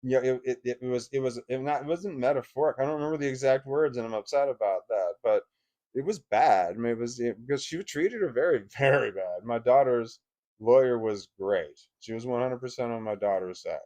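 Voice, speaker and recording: A man at a middle pitch recounts a personal story to camera. He talks bluntly and emotionally, swears freely and keeps breaking off and restarting his sentences. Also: fairly quick, mellow. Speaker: vlogger.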